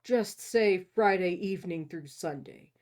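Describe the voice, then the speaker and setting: A woman reading aloud as a controlling wealthy young man, speaking low and deliberately. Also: a little mellow, lightly acted. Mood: coolly commanding.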